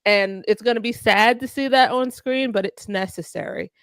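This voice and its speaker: A woman's voice: a little high, normal speed, fairly bright tone, no room sound, studio quality. A woman co-hosting a casual group chat, rambling and trailing off mid-thought.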